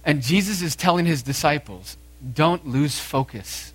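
A man preaching a sermon, lively and animated, acting out the dialogue as he tells it. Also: fairly high pitch, measured pace, slightly rough. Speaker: pastor.

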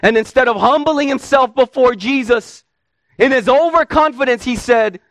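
Man, preacher, earnest, emphatic, rhetorical questions, high voice, dry close sound. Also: moderate pace, fairly bright tone, no echo. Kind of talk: expository sermon.

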